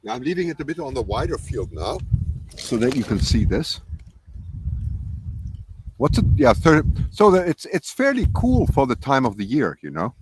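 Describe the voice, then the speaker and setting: A man's voice: mid-range voice, sing-song, moderate pace, long pauses, noisy background. A man hosting a casual outdoor livestream, chatty and self-correcting as he reads viewer questions. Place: outdoors by a nest in wind.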